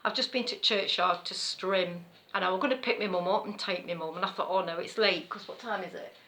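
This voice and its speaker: A woman's voice: medium pitch, a little fast, bright, forceful tone. A middle-aged woman with an East Midlands accent, chatting casually in a rambling way as a knitting vlogger, laughing often as she tells a story. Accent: East Midlands English.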